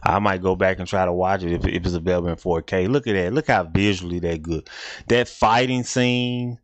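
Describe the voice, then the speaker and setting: A man's voice: deep voice, fairly even intonation, fairly quick, dry recording. A man hosting a casual reaction video, talking in a rambling, repetitive, laid-back way.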